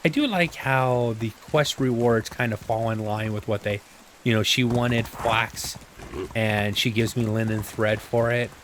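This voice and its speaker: A man's voice: mid-range voice, measured pace, fairly bright tone, slight background noise. A man casually commenting as he plays a video game, chatty and self-mocking, with rambling asides, talking into a desk microphone. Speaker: gameplay video host. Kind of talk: casual let's-play commentary.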